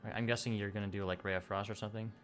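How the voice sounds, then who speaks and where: A man acting as game master, talking in a relaxed, halting way with many fillers. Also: fairly low pitch, soft background music. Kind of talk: running a tabletop game.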